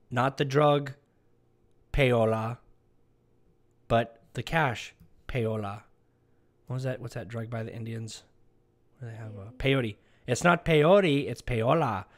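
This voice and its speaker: A man delivering an emphatic political commentary monologue who often tags his lines with "okay". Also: mid-range voice. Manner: emphatic, repeats "okay" as a tag. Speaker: online commentator.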